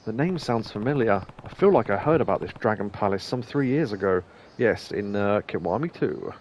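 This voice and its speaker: A man's voice: on the low side, lively intonation, normal speed, noisy background. A young man streaming a game, reading its dialogue aloud between rambling, chuckling asides. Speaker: let's play streamer. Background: faint game music.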